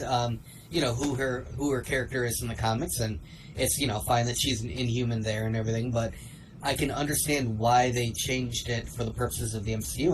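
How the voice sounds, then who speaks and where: Male co-host, mid pitch, thoughtful and hesitant, faint background hum. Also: rough recording. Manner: thoughtful, hesitant with many fillers, laughs easily. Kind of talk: livestream chat.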